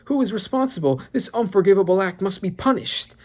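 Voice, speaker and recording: Brief: man doing an arrogant, imperious noble, higher than his usual voice, demanding and scornful. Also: animated, brisk, a little mellow. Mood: indignant. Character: haughty arrogant noble man giving orders.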